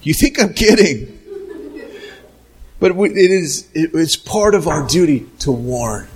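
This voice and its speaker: A man preaching a sermon as a pastor, lively and conversational, acting out little scenes and sometimes shouting. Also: a little high, measured pace, a little hiss or hum, poor audio.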